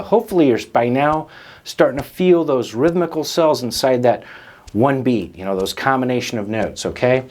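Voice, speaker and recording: A man's voice: medium pitch, normal speed, a little mellow. A man hosting a drum lesson, explaining rhythms patiently and counting the beats aloud. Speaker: drum teacher and host.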